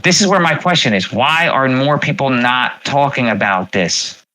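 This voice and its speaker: A man's voice: mid-range voice, expressive, moderate pace, bright, forceful tone, poor audio. A man hosting a casual livestream, rambling with many fillers and repeats. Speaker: livestream host.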